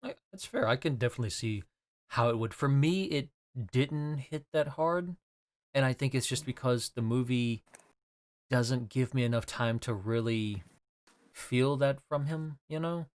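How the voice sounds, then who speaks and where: A man's voice: mid-range voice, unhurried. A man co-hosting a podcast, laid-back and dryly self-deprecating in casual film talk. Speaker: podcast co-host.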